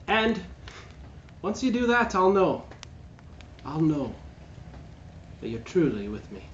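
A man's voice: very animated, slow pace. Man putting on a gloating pirate queen. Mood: scheming. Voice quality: high put-on voice, mocking. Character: cruel scheming woman pirate queen. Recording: roomy, dull, lightly noisy home recording.

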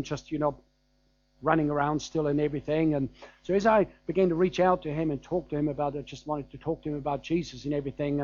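A man's voice: on the high side, a little mellow, muffled recording. A man with a German accent preaching a sermon in a conversational, anecdotal way, with frequent fillers and chuckles.

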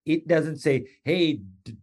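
A man talks on a motivational podcast in a lively, playful way. He drops into short put-on voices for the people he quotes, and his pitch jumps sharply when he does. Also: slow. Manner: animated, playful, with wrestling and pop-culture asides. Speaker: podcast host.

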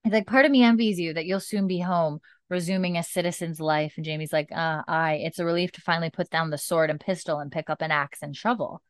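A woman recaps a show in casual chat, slipping into each character's lines as she goes. Her voice sits on the low side and the sound is dry and close, with no room around it. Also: quick pace, hardly any pauses, dry recording. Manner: animated retelling, acting out characters' lines, frequent "like". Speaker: podcast co-host recapping a TV episode.

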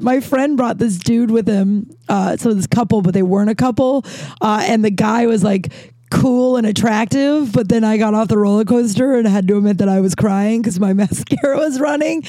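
Thirties woman with a warm, mellow tone, chatty monologue host who rambles, self-corrects and curses, recorded dry and close. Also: fairly high pitch, moderate pace, no room sound. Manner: rambling, swears freely, frequent restarts and self-corrections. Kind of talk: casual storytelling monologue.

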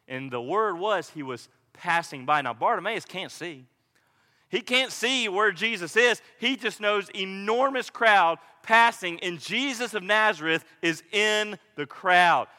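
A middle-aged man preaching a sermon with animated storytelling, his voice high and bright. The sound carries a long reverb from a church hall. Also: unhurried. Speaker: pastor.

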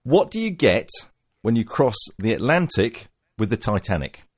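A man co-hosting a casual podcast, with a gravelly voice and a dry, sarcastic manner. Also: big pitch swings, moderate pace. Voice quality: gravelly, deep. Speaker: podcast co-host.

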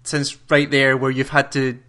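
A man's voice: mid-range voice, monotone, normal speed, pushed and bright. A young man in casual chat who asks his co-host questions and makes wry remarks. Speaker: podcast co-host.

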